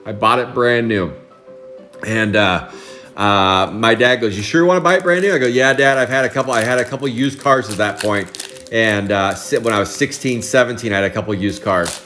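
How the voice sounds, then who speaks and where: Soft music plays behind a lowish, bright, forceful voice that keeps a steady tone at normal speed. It belongs to a fortysomething man from Oregon who chats on a live card break stream, chuckling often as he rambles through his stories.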